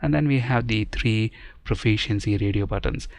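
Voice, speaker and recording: A man's voice: on the low side, normal speed, gravelly. A man explaining programming step by step in a screen-recorded coding tutorial, in a methodical teaching manner. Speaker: programming instructor.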